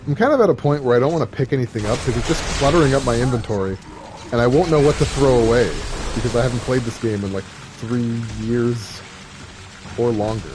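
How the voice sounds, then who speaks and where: Male streamer, casual rambling, joking, mid pitch, game noise behind. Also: fairly quick. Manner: rambling, joking, many fillers. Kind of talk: casual gameplay chat. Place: home streaming setup. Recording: game audio noise underneath.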